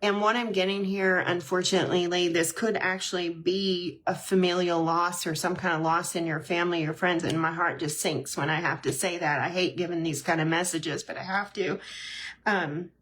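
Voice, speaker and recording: A woman's voice: on the low side, fairly even intonation, normal speed, fairly bright tone. A woman hosting a casual live-stream tarot reading, chatty and heartfelt, with frequent ums and restarts. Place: at home.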